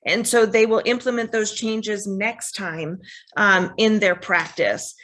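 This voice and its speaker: A woman EMS educator presenting in a webinar, earnest and explanatory, with quick asides. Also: mid-range voice, fairly even intonation, a bit bright.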